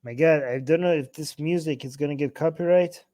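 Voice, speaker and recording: A man giving casual, animated reaction commentary while translating a video, often exclaiming and mimicking the lines he quotes. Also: on the high side, brisk, over music.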